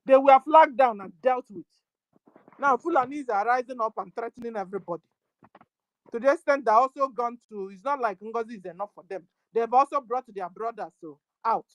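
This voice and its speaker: A woman with a Nigerian accent giving an impassioned political address, scolding her listeners over and over and rising to shouts. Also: on the high side, brisk, dry recording, low-quality recording. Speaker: activist speaker.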